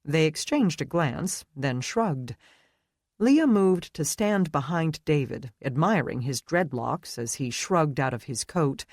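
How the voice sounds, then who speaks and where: An audiobook narrator reading a romance fantasy in an expressive, measured way. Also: mid-range voice, dry recording, clean studio sound. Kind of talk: scripted narration.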